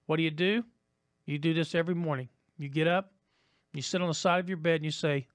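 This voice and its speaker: A man's voice: on the high side, fast talker, dry recording, studio quality. A man preaching a sermon as pastor, emphatic and rhythmic, repeating his key lines.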